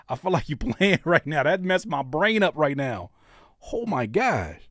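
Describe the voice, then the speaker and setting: An animated man hosting a live music reaction stream, his voice swinging widely up and down as he jokes and riffs. He repeats phrases for emphasis in a casual, conversational way. The sound is dry and close. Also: a little high, slow pace, long pauses, no room sound. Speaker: host reviewing music submissions. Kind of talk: casual livestream reaction chat.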